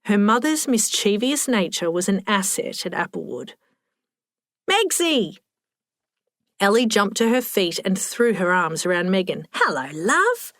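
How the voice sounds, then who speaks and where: A woman reads a story aloud with wry, measured delivery, at an everyday pitch. The voice is dry and close, with no room around it. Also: lively intonation, dry recording. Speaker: audiobook narrator. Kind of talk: scripted narration.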